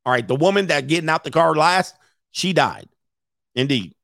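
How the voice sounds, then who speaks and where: A man's voice: on the high side, sing-song, moderate pace, creaky. A man hosting a casual reaction stream, telling a story bluntly and with animation while he acts out quotes. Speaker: host.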